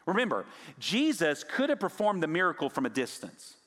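A male pastor preaching a sermon, swinging from raised emphasis down to hushed, near-whispered lines. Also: fairly high pitch, huge pitch swings, normal speed, big-room sound.

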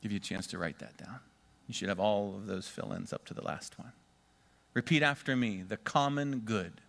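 A male pastor preaching a sermon, swinging between loud emphatic stresses and quiet asides, leading the congregation in call-and-response repetition. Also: lowish voice, lively intonation, fairly quick, vocal fry.

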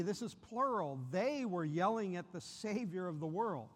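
Guest preacher, male, higher voice, earnest, lifts his pitch for quoted cries, big reverberant church sound. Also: normal speed, few pauses. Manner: earnest, voice rises sharply when voicing the disciples' cries. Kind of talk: sermon. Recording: long reverb of a large hall.

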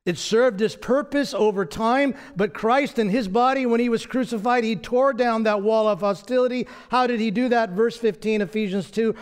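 A man preaching an expository sermon in an earnest, conversational teaching manner, posing rhetorical questions and slowing down to read scripture aloud. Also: clean tone. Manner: rises in pitch and slows when reading scripture aloud. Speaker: pastor.

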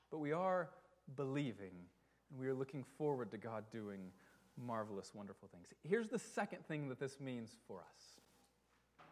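Earnest man preaching a sermon. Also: medium pitch. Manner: earnest, emphatic, with rhetorical questions and slowed stresses. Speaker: pastor.

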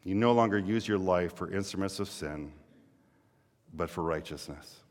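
A man's voice: sits low, moderate pace, long reverb tail. A male pastor preaching a sermon earnestly, building to emphatic exhortations.

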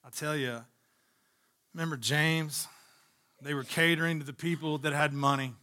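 High, bright-voiced preacher man, emphatic. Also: fairly even intonation, normal speed, pauses often. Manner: emphatic, repeats phrases for stress; addresses the congregation directly. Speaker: pastor. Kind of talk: sermon.

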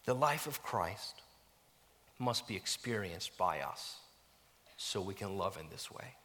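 A middle-aged man preaching a sermon as a pastor, animated and self-mocking, dropping to near-whispers at times. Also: low voice, slow. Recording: long reverb of a church hall.

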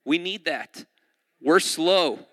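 A man's voice: fairly high pitch, takes it slowly, bright, forceful tone, dry recording. A young man preaching a casual, conversational sermon, joking and laughing often and restarting his sentences. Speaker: pastor.

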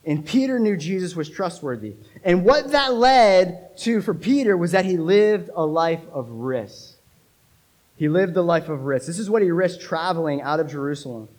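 A male pastor preaching a sermon with emphasis, repeating key phrases and swinging between loud and hushed delivery. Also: on the high side, husky, poor audio.

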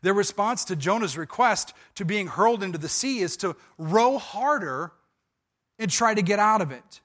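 A man preaching a sermon, walking through a scripture passage with animated storytelling and frequent restarts. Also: high voice, normal speed. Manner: animated storytelling with dramatized quotes. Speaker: pastor.

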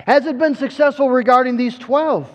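A man delivers a sermon in a strikingly high voice, earnest and emphatic, stumbling and repeating words as he builds each point. The sound is dull and muffled. A long reverb trails his voice through a large hall. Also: moderate pace. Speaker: preacher.

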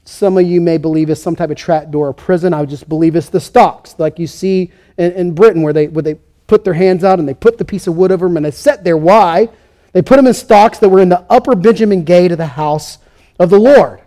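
A man's voice: sits high, fairly quick, warm tone. A man preaching a sermon, emphatic, acting out the voices he quotes. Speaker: pastor.

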